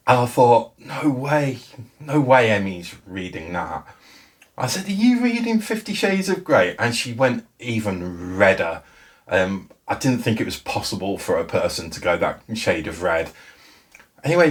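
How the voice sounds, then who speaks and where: Male book vlogger, chatty storyteller, lowish voice, casual delivery. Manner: chatty and storytelling, with frequent self-restarts. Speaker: BookTube channel host. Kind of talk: casual book vlog talk.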